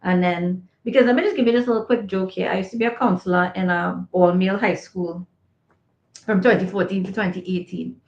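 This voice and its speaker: A woman's voice: on the low side, brisk, darkish tone. Emphatic woman podcast co-host, echoey audio. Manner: emphatic, repeats points for effect. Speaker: podcast co-host, former school counselor. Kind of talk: candid advice-giving chat. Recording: echoey, slightly dull remote audio.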